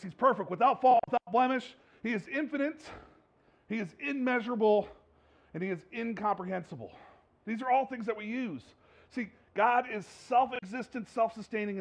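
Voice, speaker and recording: A male pastor preaching a sermon in a conversational way, with joking asides and repeated phrases. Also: extremely high pitch.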